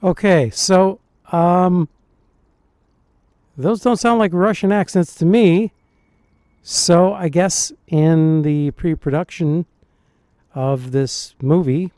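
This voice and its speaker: Dialect coach man, mellow dry voice. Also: on the high side, no room sound. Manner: musing, hesitant asides. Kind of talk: video reaction commentary.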